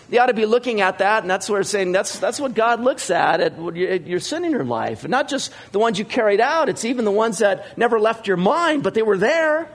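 A middle-aged man, a pastor, giving a sermon in a conversational storytelling style, with many fillers and animated dialogue. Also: sits high.

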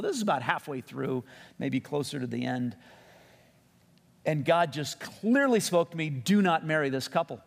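A middle-aged pastor with a gravelly, rough-edged voice, preaching in a relaxed, storytelling way. He stumbles and restarts often, and his words trail off into the long reverb of a hall. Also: on the high side. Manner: conversational, animated in quotes, frequent restarts. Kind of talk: sermon with storytelling.

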